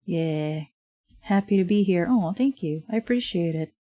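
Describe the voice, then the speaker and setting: A woman's voice: lowish voice, animated, normal speed, mellow, no echo. A woman streamer chatting casually while she draws, rambling and full of fillers, laughing often, at a desk microphone in her home. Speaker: streamer and digital artist. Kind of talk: casual livestream chat while drawing.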